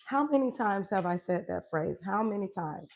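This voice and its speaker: A woman coach talks to her viewers from her home workout space. She is emphatic and affirming and laughs easily. Her pitch sits in the middle range. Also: lively intonation, normal speed, darkish tone, a little hiss or hum. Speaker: wellness coach. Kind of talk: live-stream motivational chat.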